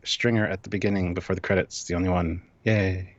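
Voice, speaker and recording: A man co-hosting a live-stream chat in a relaxed, halting way, with plenty of fillers. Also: low voice, very noisy. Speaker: co-host. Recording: dull, dry lo-fi mic.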